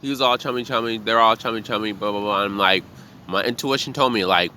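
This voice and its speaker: A man who works as a bartender, giving a blunt, profane, animated monologue about trusting your gut. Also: fairly low pitch, fast talker, slight background noise. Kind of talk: casual motivational monologue.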